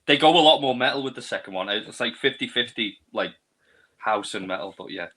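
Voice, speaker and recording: A man, a guest on a podcast, chatting about a film in an excitable way. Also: mid-range voice. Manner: excitable, quick talk. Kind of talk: casual film review chat.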